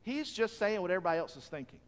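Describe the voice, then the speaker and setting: A pastor gives an earnest, conversational sermon, repeatedly asking his listeners rhetorical questions. His voice is fairly high for a man, animated, and very fast, and the sound rings with the long reverb of a large hall.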